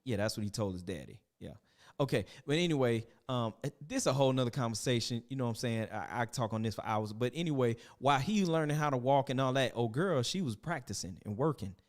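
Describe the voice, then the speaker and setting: Animated man riffing on a movie. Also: medium pitch, quick pace. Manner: animated, laughing, stammering storytelling. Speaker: podcast host. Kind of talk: casual movie discussion.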